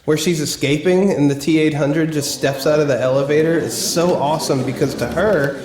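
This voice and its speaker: A man's voice: a little high, normal speed, darkish tone. Enthusiastic man in a roomy room. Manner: enthusiastic, chatty, swears casually. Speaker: podcast co-host. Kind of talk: casual chat.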